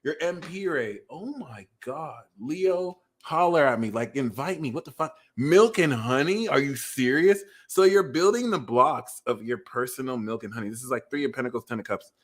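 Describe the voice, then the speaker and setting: A man giving a casual livestream tarot and astrology reading, excitable and profane, teasing his viewers and swinging into loud outbursts. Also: mid-range voice, moderate pace, hardly any pauses.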